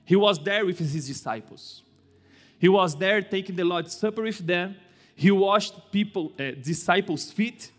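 A male pastor preaching a sermon in a church, slow and deliberate, with dramatic swings in pitch and loudness. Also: faint music behind. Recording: echoey church hall.

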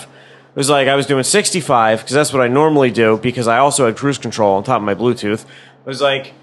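A man's voice: mid-range voice, fairly quick. A man in casual chat, telling a heated, profanity-laced story.

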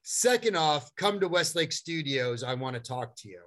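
A man's voice: fairly high pitch, animated, normal speed, fairly bright tone. A man putting on the voice of a bossy British male punk star, curt and commanding, with a British accent.

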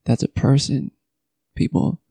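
A man speaking earnestly about personal experience in a halting, pleading way. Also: mellow, no echo.

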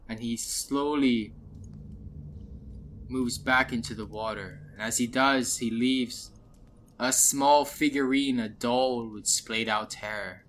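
A man narrating a tabletop game as game master over an online call, in a measured, descriptive way. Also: mid-range voice, fairly even intonation, a bit bright, slight background noise, poor audio.

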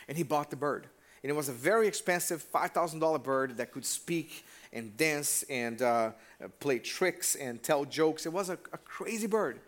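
A man's voice: a little high, lively intonation, moderate pace. A man preaching a conversational sermon in church and often turning to the congregation with questions. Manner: casual and direct, asks the congregation questions. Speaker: pastor.

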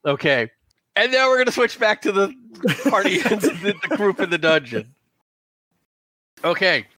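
A man's voice: high voice, sing-song, normal speed, bright, forceful tone, dry recording. A man narrating as game master of a tabletop game in a loose, casual way with many fillers.

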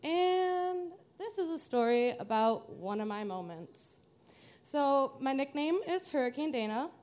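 A woman's voice: sits high, expressive, unhurried, a little mellow. A young adult woman from the Detroit area, telling a live personal story to an audience in a chatty, self-mocking way. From Metro Detroit, USA.

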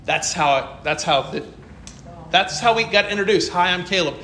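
A man's voice: high voice, moderate pace, pushed and bright, echoey room, slight background noise. A man preaching a sermon as pastor, telling stories from his working life, acting out dialogue and laughing often.

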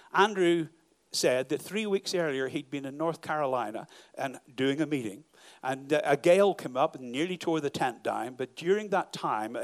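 A middle-aged man from Northern Ireland with a softened Northern Irish accent, a pastor preaching a sermon that swings from quiet storytelling to loud, rousing delivery. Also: medium pitch.

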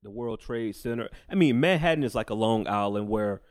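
A young man from the American South in a casual chat, relaxed and laughing often, drawing out his words. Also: fairly low pitch, fairly quick.

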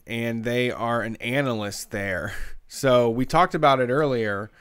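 A man co-hosting a casual chat show, talking emphatically and fast with many fillers. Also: medium pitch, a bit bright, clean tone. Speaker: podcast co-host.

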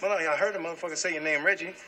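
A man's voice: fairly high pitch, steady tone, rapid-fire, a little hiss or hum, poor audio. An actor playing a brash, profane man who mocks and threatens a teenage boy in a film scene. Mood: menacing, mocking. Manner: loud, mocking, profane bluster.

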